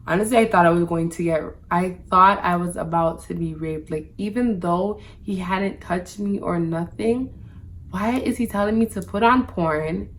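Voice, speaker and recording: Woman vlogger doing a storytime, kinda low gravelly voice, says like constantly. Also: normal speed, a little hiss or hum. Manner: fills nearly every phrase with "like"; talks to viewers directly. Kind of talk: casual storytime monologue.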